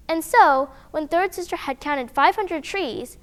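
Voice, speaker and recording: A woman reads a children's picture book aloud in a high, bouncing voice. She is animated and expressive, throwing in playful sound effects as the story moves. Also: unhurried, few pauses.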